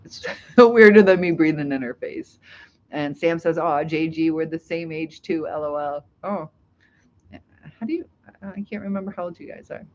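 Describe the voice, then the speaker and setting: A woman's voice: low-pitched, normal speed, a little mellow, highs cut off. A middle-aged woman hosting a casual live stream, reading out chat comments, chatty with frequent laughs and fillers.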